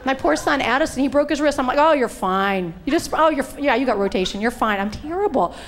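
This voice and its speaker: Animated woman preaching with humor. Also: high voice, fast. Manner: animated, acts out voices in quotes. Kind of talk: humorous sermon storytelling.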